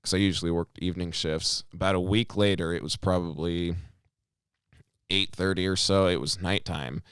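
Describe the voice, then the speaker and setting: Casting: young male podcast co-host, lower-pitched, smooth clear voice, swears freely while storytelling. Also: normal speed, no echo, studio quality. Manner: profane, animated, rambling anecdotes. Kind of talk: casual storytelling chat.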